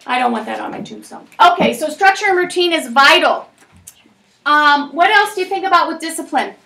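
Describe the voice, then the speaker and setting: Bright, high-voiced woman teaching a class. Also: brisk, vocal fry, distant mic. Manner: lively, chatty storytelling with many fillers. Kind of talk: leading a class discussion.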